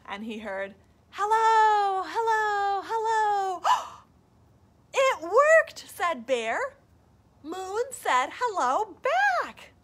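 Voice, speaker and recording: A woman librarian reading a picture book aloud at a children's storytime, animated and asking the kids questions. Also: on the high side, husky.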